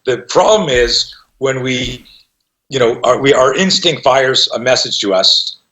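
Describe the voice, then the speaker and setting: A man's voice: medium pitch, lively intonation, unhurried, pushed and bright. A man in his fifties, a self-defense instructor and podcast guest, tells stories with energy, swears freely and acts out what people said. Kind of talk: animated storytelling.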